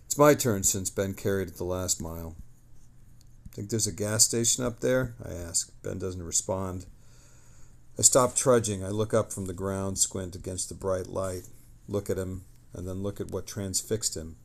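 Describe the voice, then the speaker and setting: A man streaming live, reading lore passages aloud with excitable, chatty asides. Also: low voice, normal speed. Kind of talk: casual lore reading on a livestream.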